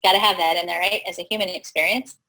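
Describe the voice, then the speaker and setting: A woman hosting a live talk, teaching in an animated way, laughing easily and often asking "right?". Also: on the low side, fast, rough recording. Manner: laughs easily mid-sentence. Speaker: host.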